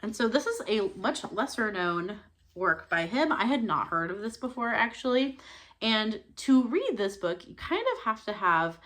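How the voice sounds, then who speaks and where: A young woman talks through her recent reads in a relaxed, chatty way. She hesitates with plenty of ums and laughs lightly between thoughts. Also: mid-range voice, moderate pace. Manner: chatty, many fillers and laughs. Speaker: book channel host. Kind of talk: casual book review chat.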